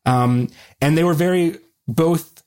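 A man with a warm, mellow voice speaks earnestly in a casual interview. He explains history with plenty of fillers and self-corrections, never rushing to sound polished. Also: a little high. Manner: earnest, many fillers and restarts. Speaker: guest historian. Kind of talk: conversational interview answers.

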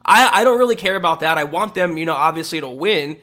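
A man with a fairly high voice co-hosts a sports podcast. He talks casually but states his opinions firmly and with emphasis. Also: animated, quick pace, pushed and bright. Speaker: podcast co-host.

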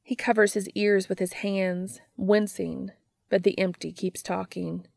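A woman narrating a fan fiction story aloud in a steady, even storytelling manner. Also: mid-range voice, measured pace, vocal fry, very noisy.

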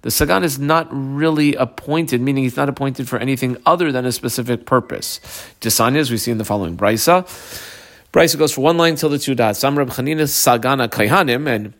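A man teaching a Talmud class, translating terms one by one and telling students what to underline, with frequent pauses and fillers. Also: medium pitch, a bit bright. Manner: translates terms one by one, marks the text aloud. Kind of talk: line-by-line text study class.

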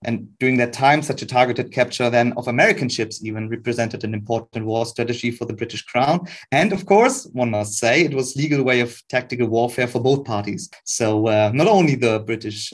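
A man's voice: mid-range voice, fairly quick, few pauses. Earnest guy walking through an old letter, careful, restarts a lot. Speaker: guest researcher. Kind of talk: explaining a historical letter.

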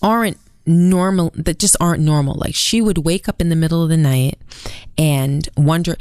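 Woman in her forties, low pitch, dry studio mic; earnest, conversational storyteller. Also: a little mellow, dry recording. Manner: earnest storytelling, mimics family members in quotes. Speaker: podcast co-host. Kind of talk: casual conversation.

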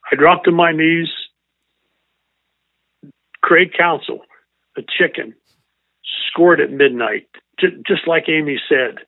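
An older man, a former baseball coach, telling a long emotional story as an interview guest in an earnest, halting way. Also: fairly high pitch, creaky, no room sound. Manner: earnest, halting, repeats himself. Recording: tinny phone-like line.

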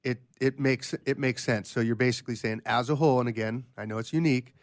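A man's voice: mid-range voice, fairly even intonation, fast. A man co-hosting a business podcast, summarizing the guest's points in a casual way. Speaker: podcast co-host.

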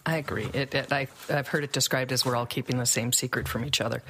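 A woman's voice: extremely low pitch, steady tone, fast, a bit bright, husky. A woman co-hosting a podcast in a chatty, reflective way, often repeating her phrases. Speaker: podcast co-host.

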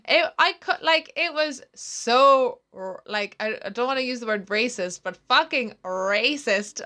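Bright-voiced blunt Irish woman. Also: a little high, expressive, a little slow, hardly any pauses. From Ireland. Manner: blunt, swears freely. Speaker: podcast co-host. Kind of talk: casual chat.

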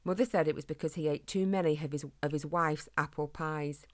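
A woman's voice: low voice, fairly quick. Woman reading a children's story. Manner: gentle, expressive reading.

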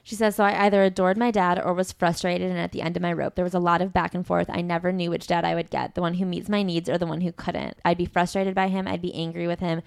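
Gravelly-voiced woman co-host. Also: fairly low pitch, little pitch movement, quick pace, hardly any pauses, dry recording, studio quality. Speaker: podcast co-host. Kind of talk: casual book discussion.

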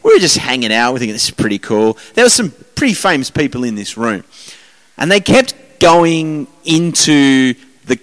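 A man hosting a podcast, chatting in a loose, rambling way full of swearing and self-mockery. His pitch swings widely and stays lively. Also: moderate pace. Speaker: podcast host. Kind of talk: casual podcast chat.

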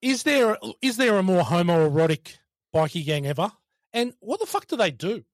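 An Australian man with a notably high voice rants happily about a film as host of a casual review chat. He swears freely and laughs easily. The sound is close and dry. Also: big pitch swings, normal speed, dry recording. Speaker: podcast host.

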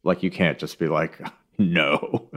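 Lively low-voiced man co-hosting a podcast. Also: moderate pace. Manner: thoughtful, hedging and digressive. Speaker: podcast co-host. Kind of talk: casual podcast discussion.

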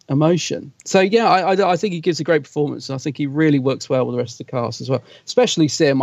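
A man's voice: fairly high pitch, vocal fry, a little mellow, no room sound. A man from Britain co-hosting a podcast, chatting in a rambling, chatty way with frequent laughs. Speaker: podcast co-host. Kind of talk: casual chat. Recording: dull, lo-fi sound.

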